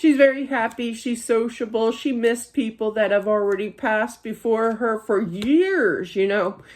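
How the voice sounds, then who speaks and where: A woman's voice: a little high, measured pace. Chatty woman giving a spirit reading. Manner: chatty, laughs often, many fillers. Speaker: psychic medium.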